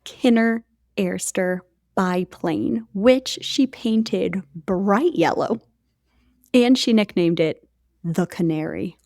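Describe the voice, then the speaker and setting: Gravelly-voiced woman telling a history story. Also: mid-range voice, slow, a little mellow, dry recording, studio quality. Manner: chatty, jokey asides to co-host. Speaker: podcast co-host. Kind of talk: casual storytelling podcast.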